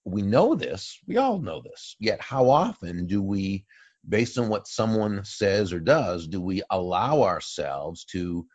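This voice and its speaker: Deep-voiced man, calm storytelling guest. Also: dry recording, muffled recording. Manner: thoughtful, speaks in long pauses and restarts. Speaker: interview guest, author and speaker. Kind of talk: storytelling conversational answers.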